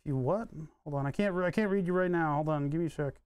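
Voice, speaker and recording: A man's voice: fairly high pitch, quick pace, a little mellow, clean tone, no room sound. A man live-streaming as he solders electronics, muttering to himself and answering questions from chat in a casual, rambling way.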